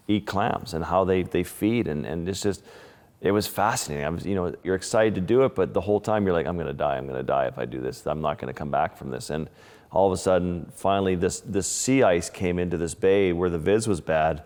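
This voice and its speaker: Recorded with a long reverb tail, a Canadian-born man who photographs wildlife shares stories in a casual interview in a deep, slightly mellow voice. His vivid telling is restless, studded with fillers and frequent restarts.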